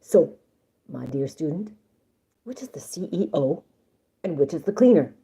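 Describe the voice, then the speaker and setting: A woman's voice: low-pitched, animated, unhurried, gravelly, warm tone, breathy edge, heavily acted. A woman reading as a kindly old professor. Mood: gentle. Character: polite older male professor, calm and kindly.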